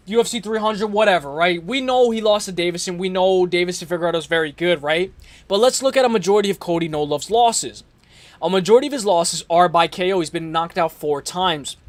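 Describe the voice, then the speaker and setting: A man's voice: sits high, no echo. A young man hosting an MMA preview show, talking in a casual, rambling, slangy way and correcting himself often. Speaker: MMA podcast host. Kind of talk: casual fight preview talk.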